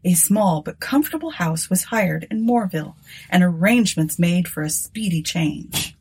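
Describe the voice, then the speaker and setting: A woman reading a gothic story aloud with a husky, breathy voice set fairly low. Her delivery is dramatic and lively, rising and falling widely through each sentence. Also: normal speed. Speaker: audiobook narrator. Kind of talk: scripted narration of a gothic story.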